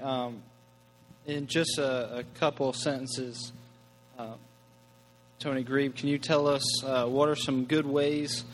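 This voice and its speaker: A male host asking questions hesitantly, with many fillers. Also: medium pitch. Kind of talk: interview questions. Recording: reverberant room with faint hum.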